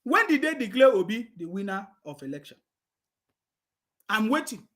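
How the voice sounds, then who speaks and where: A man's voice: high voice, sing-song, normal speed, a bit bright. A man with a Nigerian accent giving mocking political commentary, repeating himself and laughing with scorn.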